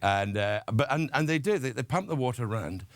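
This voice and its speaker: A man's voice: medium pitch, animated, brisk, dry recording. A man telling wry, amused anecdotes in an interview. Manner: wry, relishing storyteller. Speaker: actor guest.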